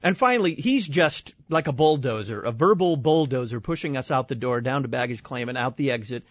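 A man from Illinois telling an animated, exasperated personal story, slipping into other people's voices as he goes. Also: mid-range voice, brisk, dry recording. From Illinois, USA. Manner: lively, exasperated, acts out quoted voices. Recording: dull dry studio sound.

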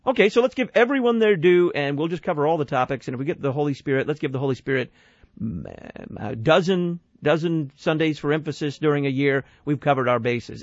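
A man's voice: a little high, a little fast, no echo, dull audio. Emphatic male radio call-in host. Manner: thoughtful, emphatic, builds points with lists. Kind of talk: call-in talk radio discussion.

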